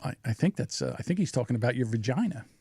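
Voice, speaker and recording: A man's voice: mid-range voice, lively intonation, fast talker, heavy background noise. A man co-hosting a podcast, bantering with provocative jokes in casual chat. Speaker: podcast co-host.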